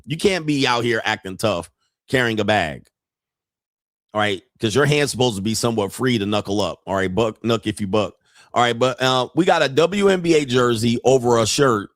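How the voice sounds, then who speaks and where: A man's voice: medium pitch, no room sound, clean studio sound. Profane, mocking male commentator. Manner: profane, mocking, laughs often. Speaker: host. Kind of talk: casual commentary on clips.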